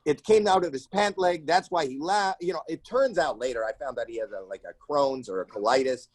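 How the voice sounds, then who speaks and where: A comedian guest in an interview, telling stories in an animated way and acting out the people in them with sudden shrill cries. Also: male voice, a little fast, few pauses, dry recording. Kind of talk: animated storytelling in a casual interview. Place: home.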